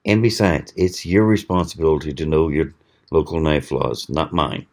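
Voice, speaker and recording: A man hosting his own channel, talking casually in a slow, rambling way with many pauses and fillers. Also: extremely low pitch, darkish tone. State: hiccuping. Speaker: channel host. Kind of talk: casual knife review vlog.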